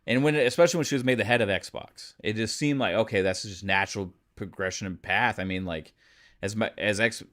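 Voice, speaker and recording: Low-voiced man hosting a podcast. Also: brisk, fairly bright tone. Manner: conversational, thinks aloud while reading news. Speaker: podcast host. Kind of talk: casual news commentary.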